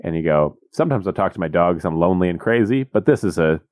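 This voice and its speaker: A man recapping a movie in casual comedic chat, deadpan and jokey, slipping into silly voices. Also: low-pitched, quick pace, no room sound, clean studio sound. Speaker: podcast co-host.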